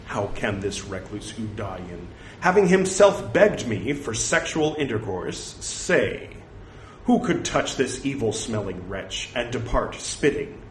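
An angry, insulted woman, read by a man in a scripture recital piles up indignant accusations. The pace is slow and the pitch moves freely. A faint hiss and a ringing room sit behind the voice. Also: sing-song, reverberant.

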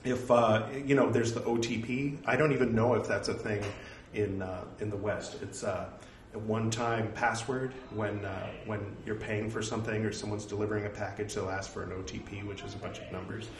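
Casual low-voiced Californian man, rambling and self-mocking, off-mic in an echoey room. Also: steady tone, fairly quick, distant mic, a little hiss or hum. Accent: Californian American. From California, United States. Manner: rambling, self-deprecating, jokey. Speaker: host reading a religious text. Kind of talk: casual spoken aside.

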